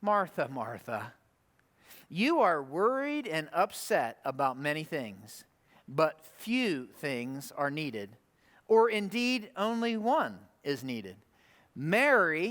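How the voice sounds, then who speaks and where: A man doing a soft, tender gentle teacher. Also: a little high, big pitch swings, slow, pitched below the performer's own voice, heavily acted. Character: gentle, tender male teacher consoling a friend. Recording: long hall reverb.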